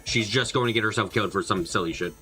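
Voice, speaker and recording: A man's voice: fairly low pitch, quick pace, pushed and bright, soft background music. A man reading a visual novel aloud and commenting casually, swearing and laughing often. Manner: swears a lot, laughs, chatty. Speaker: game streamer.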